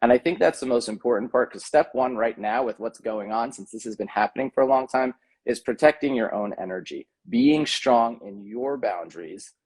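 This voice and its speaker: A man's voice: mid-range voice, normal speed, darkish tone, slightly rough. A man speaking as a podcast guest, earnest and thoughtful, with frequent ums and restarts in a casual conversation. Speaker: podcast guest, tantra coach.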